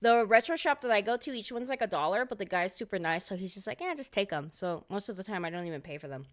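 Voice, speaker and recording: A woman with a mid-range voice talks fast and animatedly. As a game streamer chatting casually on stream, she rambles on, cursing and venting her exasperation.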